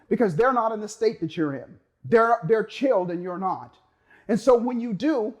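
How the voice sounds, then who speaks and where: A man giving a motivational talk, energetic and emphatic, acting out the voice of a worried mind and stretching key words for effect. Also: high voice. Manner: energetic, acts out inner voices, drawn-out emphasis. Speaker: motivational speaker.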